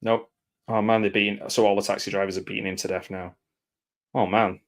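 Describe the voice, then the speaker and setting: A man giving casual live commentary over a film, reacting aloud and often dropping into quiet mumbled asides. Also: lowish voice, level tone, brisk.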